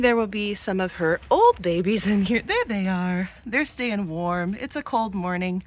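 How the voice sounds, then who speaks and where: Chatty farm woman with a lively voice. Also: mid-range voice, measured pace, hardly any pauses, a little hiss or hum. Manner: chatty, talks sweetly to animals. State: out of breath at times. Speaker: farm vlogger. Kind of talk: casual vlog narration while doing chores. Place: outdoors and in barns on a small farm. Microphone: handheld camera, she films herself.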